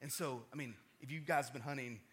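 A man preaching a sermon, telling a personal story in an animated, conversational way and often checking in with his listeners. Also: mid-range voice, fast. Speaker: pastor.

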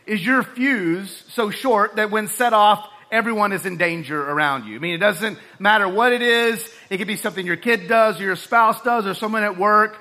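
A man's voice: sits high, moderate pace, hardly any pauses. A man, a pastor preaching a sermon in a church, telling stories and joking with the congregation. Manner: storytelling, lively and joking with the congregation. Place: church sanctuary.

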